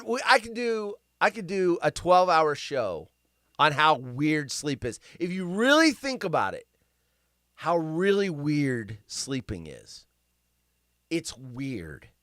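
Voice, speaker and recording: A man's voice: a little high, fairly bright tone, no room sound, clean studio sound. A man hosting a live stream, reading news stories aloud and ranting about them in a rambling, sarcastic way that keeps going off on tangents. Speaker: livestream host.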